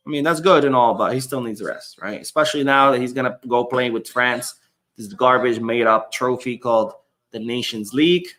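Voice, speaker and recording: A man's voice: medium pitch, steady tone, moderate pace, a bit bright. A man hosting a live football watchalong, casually reading viewer comments and giving opinionated, rambling takes. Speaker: livestream host reading chat.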